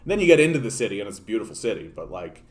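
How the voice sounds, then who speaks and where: A man's voice: fairly low pitch, very fast. A man from Canada hosting a political livestream, ranting casually with profanity and many restarts. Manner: profane, animated, repeats and restarts words.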